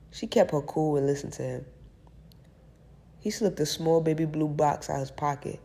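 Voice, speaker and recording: A woman narrating an audiobook in a steady, even reading voice. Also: low-pitched, normal speed, pauses often. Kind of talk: scripted narration.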